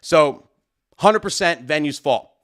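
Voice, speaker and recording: Loud animated man telling a story. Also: fairly high pitch, slow. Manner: loud, animated, acts out both sides of the argument. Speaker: host. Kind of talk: live-stream storytelling rant.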